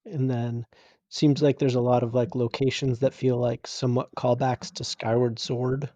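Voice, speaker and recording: A man's voice: mid-range voice, level tone, normal speed, mellow, dry recording. A man joining a casual podcast chat, laid-back and laughing at himself. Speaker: podcast co-host.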